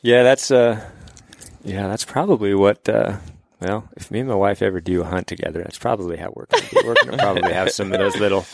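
A man's voice: lowish voice, fast talker, gravelly, no room sound. Host guy chatting easy, reacting to the story, dry close sound. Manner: easygoing, reacts and sums up. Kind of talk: casual podcast chat.

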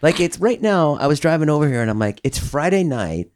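A man's voice: fairly high pitch, very animated, brisk, darkish tone, no room sound, clean studio sound. A man co-hosting a podcast, chatting casually and laughing often. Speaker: co-host. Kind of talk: casual chat.

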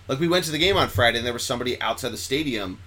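Man, podcast host, bright voice, excitable rambling chat. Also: medium pitch, very fast. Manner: rambling, excitable, self-correcting. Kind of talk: casual sports chat.

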